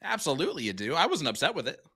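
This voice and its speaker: A man's voice: on the high side, slightly rough. A man calling a live darts stream as host, talking straight to the chat and rattling off sponsor scripts at speed. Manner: energetic, talks to the chat, plugs sponsors in rapid reads.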